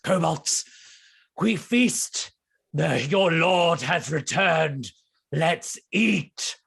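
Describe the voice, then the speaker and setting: A man's voice: a little high, animated, drawn-out words, vocal fry, a bit bright, slightly rough, full character voice. A man voicing a small, crazed male kobold who rants grandly about being lord of the dragons. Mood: rallying. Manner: ranting, self-important.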